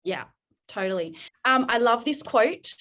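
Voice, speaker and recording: A woman parenting coach talking frankly on a podcast, lively and quick to act out the voices she quotes. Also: a little high. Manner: frank, swears casually. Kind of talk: podcast interview chat.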